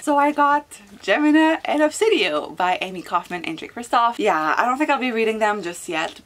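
A young woman speaking, talking casually to her viewers as a book vlogger. Her speech is loose and chatty, full of "like" and little restarts. Her voice sits at an ordinary pitch for a woman. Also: background noise. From Quebec, Canada. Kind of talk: casual vlog chat.

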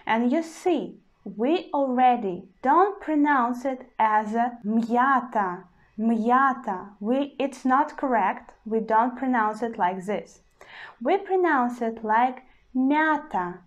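Very slow-speaking woman teaching. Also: on the high side, expressive, dull audio. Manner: slow, deliberate, repeats example words several times; slightly non-native English phrasing. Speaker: language teacher. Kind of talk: slow pronunciation lesson.

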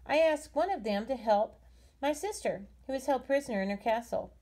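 A woman's voice: sits high, animated, normal speed, a little mellow, pitched above the performer's own voice. A woman reading a haughty scornful noble lady.

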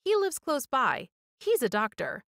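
A woman voicing a kindly older woman in a storybook, speaking with a gentle, musical lilt. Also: high-pitched, wildly swooping pitch, unhurried, dry recording, clean studio sound, voice pushed up, exaggerated voice.

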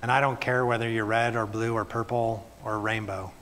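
A man's voice: lowish voice, steady tone, normal speed, a bit bright, a little hiss or hum. A male pastor reading scripture aloud and preaching earnestly to his church. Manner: reads scripture then speaks plainly and earnestly to the congregation. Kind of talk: sermon.

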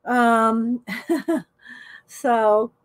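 A woman's voice: on the high side, level tone, extremely slow, clear, resonant tone. A middle-aged woman hosting a casual live art stream, chatting and greeting viewers by name. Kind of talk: casual live-stream chat while coloring.

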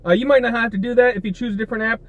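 A man's voice: extremely high pitch, steady tone, racing, no echo, muffled recording. A young man hosting a goofy comedy tutorial, laughing often and jumping into silly character voices. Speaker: comedy YouTuber.

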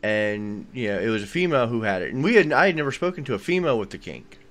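A man's voice: mid-range voice, very animated, quick pace. A man co-hosting a podcast, talking in a rambling, enthusiastic way full of fillers. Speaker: podcast co-host. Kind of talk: casual chat.

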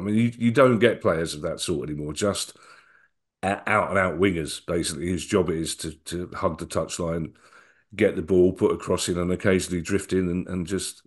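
Low-voiced man telling rambling memories. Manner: rambling, many restarts and repeats. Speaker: guest. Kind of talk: casual storytelling interview.

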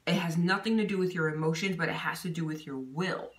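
Far from the mic in an echoey room, a woman talks fast in a low-leaning voice while giving a casual Bible teaching. She sprinkles in fillers such as "you know" and "okay?".

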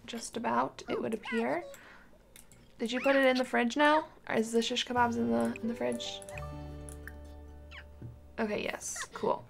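Over music, a woman with a slightly high, gravelly vocal-fry voice speaks a little slowly with fairly even intonation and long pauses. A gaming channel host, she chats casually about a life simulation game, coaxing and scolding the characters as though they were toddlers.

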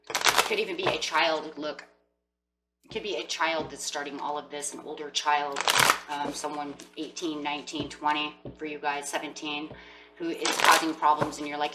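A woman's voice: sits low, flat delivery, moderate pace, distant mic, heavy background noise. A woman giving a chatty tarot reading, acting out what people might say. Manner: chatty, acts out quoted voices with emphasis. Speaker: tarot reader.

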